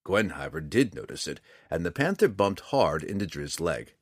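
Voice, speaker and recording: A man narrating a fantasy audiobook in a measured, expressive storytelling manner. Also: sits low, dry recording, studio quality.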